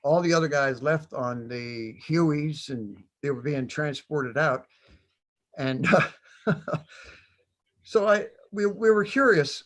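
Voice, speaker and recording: A man's voice: a little high, slow, pauses often. An older man, a veteran on a panel, telling rambling anecdotes with many fillers and chuckles. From United States. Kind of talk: storytelling on a panel.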